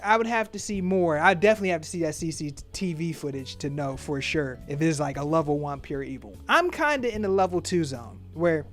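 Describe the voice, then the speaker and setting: A man hosting a casual commentary video, talking in an animated way and acting out quotes in voices. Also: on the high side, fairly quick, few pauses, soft background music. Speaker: commentary host.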